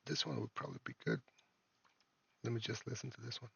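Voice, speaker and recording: A man, an indie game developer and a father, talks through his game in a casual devlog, halting and full of fillers and restarts. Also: mid-range voice, huge pitch swings, gravelly, sharp tone, husky. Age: adult, a parent. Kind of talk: casual screen-recorded devlog.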